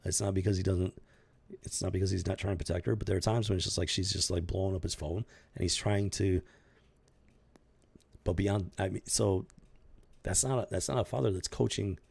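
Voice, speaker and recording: Talking through a news story, this host has a deep, gravelly, slightly mellow voice and a steady tone, moving fairly quickly. He loops back on his words and restarts phrases to drive his point home, sounding husky, sincere and off-the-cuff.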